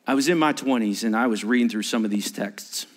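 A male pastor preaching a sermon with animated storytelling, swinging from loud emphasis to hushed asides. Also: mid-range voice, fairly quick.

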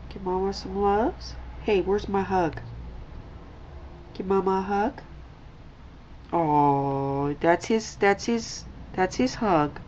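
A woman vlogger talking softly to her old cat and her viewers, in tender coaxing baby talk, sometimes whispering. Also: mid-range voice, lo-fi sound, slight background noise. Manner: slow, gentle, at times whispered. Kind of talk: soft chat to a pet and viewers.

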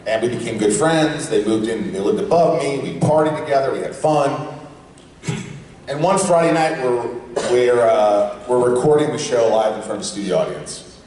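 A man with a hoarse voice telling a joking story to a fan audience, heard from afar in a big convention hall. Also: mid-range voice, normal speed. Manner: joking, loud bursts of impressions. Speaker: actor on a convention panel. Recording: distant, echoey convention hall.

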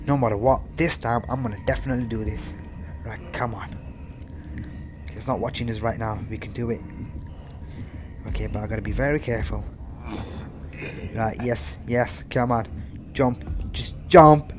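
A man giving casual live commentary on a horror game, swearing freely and talking to the characters on screen, yelling when chased. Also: fairly low pitch, fairly even intonation, normal speed, pauses often, noisy background. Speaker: gameplay commentator.

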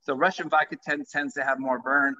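Bright-voiced man, enthusiastic pitch. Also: flat delivery, brisk. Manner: enthusiastic, pitching his product. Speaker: vodka company founder. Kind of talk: live-streamed conversation. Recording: dull lo-fi livestream audio.

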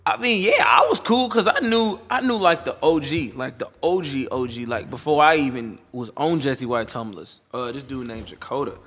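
A man's voice: mid-range voice, lively intonation, moderate pace, hardly any pauses, a bit bright. A young man from Chicago, a DJ, chatting casually in an interview, joking, profane and rambling. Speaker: DJ guest.

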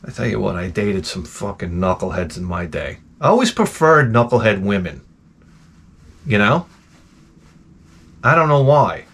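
A man's voice: fairly low pitch, expressive, normal speed, pauses often, a bit bright, husky. Profane middle-aged man ranting. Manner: profane, blunt, wisecracking. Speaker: retro game channel host. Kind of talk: rambling comedic rant.

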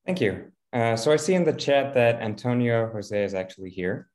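A man's voice: mid-range voice, lively intonation, normal speed, darkish tone. A man moderating an online conference session, keeping time and introducing speakers politely.

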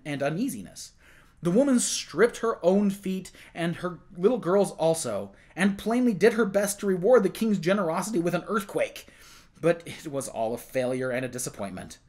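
Man reading a novel aloud, lively pitch. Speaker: narrator.

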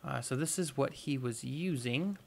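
A man's voice: mid-range voice, moderate pace, vocal fry. A man hosting a gaming video, giving casual let's-play commentary and thinking aloud with playful, goofy exclamations.

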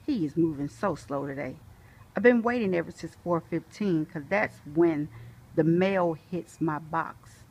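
A woman's voice: sits low, normal speed, slightly rough, rough recording. A woman filming herself outdoors near her home in a casual vlog. She chats playfully to herself and breaks into sing-song calls. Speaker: vlogger. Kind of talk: casual self-filmed vlog.

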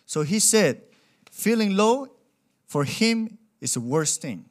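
Lively young male preacher. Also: a little high, slow pace. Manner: animated, acts out quoted voices, non-native grammar. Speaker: pastor. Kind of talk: sermon with storytelling.

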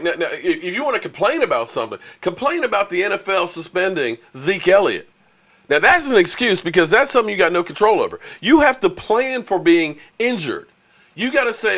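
A man's voice: high-pitched, sing-song, fairly quick, a bit bright. A man hosting a casual sports livestream, chatting with viewers and ranting at rival fans. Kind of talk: casual live-stream chat with viewers.

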